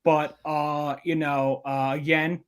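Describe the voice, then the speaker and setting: A man's voice: on the high side, level tone, slow pace, clean tone. A young man co-hosting an election-night stream in casual, rambling, joking chat. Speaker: livestream co-host.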